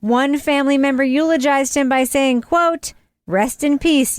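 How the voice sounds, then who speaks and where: High-voiced wry woman podcast host. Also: unhurried, no room sound. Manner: wry, deadpan delivery of jokes. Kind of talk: scripted crime segment and panel chat.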